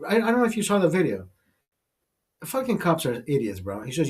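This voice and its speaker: Man host, fairly high voice, loose, swearing, laughing, casual storytelling. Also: big pitch swings, fairly quick. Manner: profane, rambling, laughs often, repeats himself. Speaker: show host. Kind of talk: casual live-stream storytelling. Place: studio.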